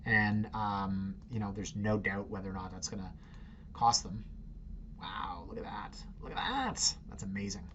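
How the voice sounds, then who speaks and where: A man's voice: lowish voice, expressive, unhurried, sharp tone, dull audio, a little hiss or hum. A middle-aged man, hosting a casual, opinionated commentary on real estate listings with sarcastic, muttered asides. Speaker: real estate agent host.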